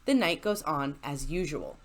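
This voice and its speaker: Sitting at a home desk with a squeaky chair, a YouTuber reads stories into a desk mic in a low, sing-song voice at normal speed. She's chatty and sarcastic, dropping asides and laughing often between lines.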